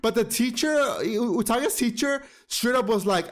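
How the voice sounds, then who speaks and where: A man's voice: extremely high pitch, normal speed. A man recapping an anime episode in a casual vlog, gushing, chatty and full of profanity. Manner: calls listener "girl" often.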